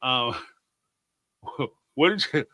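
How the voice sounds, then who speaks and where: A man's voice: medium pitch, lively intonation, drawn-out words, pushed and bright, no room sound. A man from Atlanta, hosting a casual chat and reading viewer comments. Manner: chatty, laughs often, reads viewer comments aloud. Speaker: host.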